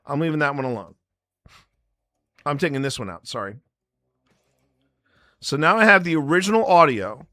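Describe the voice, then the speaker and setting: A man's voice: fairly high pitch, lively intonation, moderate pace, pauses often, pushed and bright, no room sound, clean studio sound. A man hosting a live stream, explaining his editing method in a rambling, jokey way and talking straight to the chat. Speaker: paranormal investigator and live stream host.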